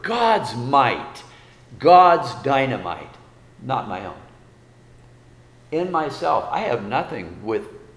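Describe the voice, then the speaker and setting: A man's voice: medium pitch, a bit bright, echoey room, big-room sound. A man preaching a sermon as pastor, folksy, with rhetorical questions and repeated phrases.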